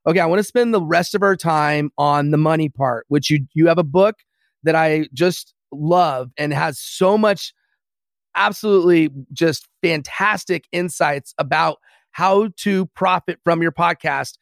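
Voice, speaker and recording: A man hosts a casual podcast interview with plenty of enthusiasm, often turning to speak straight to his listeners. His voice is fairly high for a man. The sound is dry and close-miked. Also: unhurried, creaky, no room sound. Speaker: podcast host.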